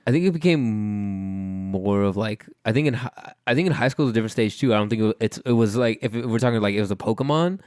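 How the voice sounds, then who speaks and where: A man's voice: on the low side, fast, hardly any pauses, darkish tone, clean tone, dry recording, clean studio sound. A young man co-hosting a casual podcast chat, rambling with lots of fillers and playful mimicry. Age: young adult. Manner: rambling, filler-heavy, mimics voices for laughs. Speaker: podcast co-host.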